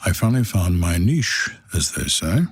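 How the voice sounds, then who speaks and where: A man's voice: sits low, big pitch swings, normal speed, noisy background. A man in his sixties, a retired detective, telling stories on a podcast in a blunt, dry, wry way. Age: 60s. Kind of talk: storytelling on a podcast.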